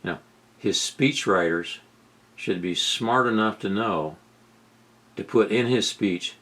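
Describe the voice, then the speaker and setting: A middle-aged man giving sarcastic political commentary over video clips, incredulous and rising to loud outbursts. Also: lowish voice, slow pace, long pauses. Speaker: commentary host.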